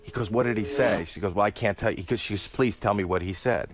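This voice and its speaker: A male comedian telling a comic story, dropping his voice low for quoted lines and squealing when excited. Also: quick pace. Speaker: guest comedian.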